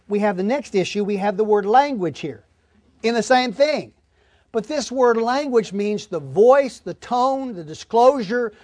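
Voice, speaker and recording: Texan male pastor, folksy and animated, high-pitched, dry close sound. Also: no room sound. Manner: folksy and animated, slows on key words. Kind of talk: sermon.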